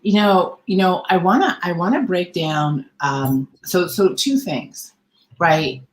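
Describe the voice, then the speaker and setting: A woman hosting a podcast as a mindset coach. Her voice sits on the low side, and her delivery is earnest, emphatic and motivational. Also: takes it slowly. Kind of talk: podcast conversation.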